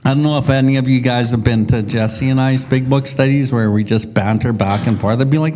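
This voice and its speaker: A man's voice: mid-range voice, steady tone, fairly quick, few pauses, darkish tone, a little hiss or hum. A man co-hosting a recovery podcast, telling stories in a rambling way and swearing freely. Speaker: podcast co-host. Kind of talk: casual recovery group discussion.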